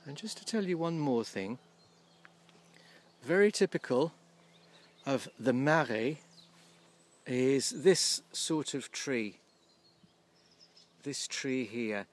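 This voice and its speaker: A man giving casual, gently humorous commentary outdoors by a field, slowly explaining English words as he films. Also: mid-range voice, lively intonation. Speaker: vlogger teaching English.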